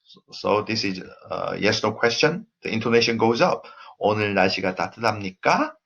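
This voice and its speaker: A man with a Korean accent teaching a recorded language lesson, explaining slowly with many fillers and repeating example phrases. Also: on the low side, lively intonation, creaky, a bit bright, slightly rough, muffled recording.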